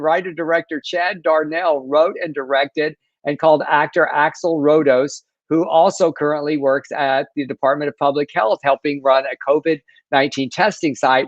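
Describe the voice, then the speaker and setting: A man's voice: on the high side, normal speed, dry recording. A man co-hosting a casual livestream news chat, laughing and tripping over names. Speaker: co-host. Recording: dull, dry lo-fi stream audio.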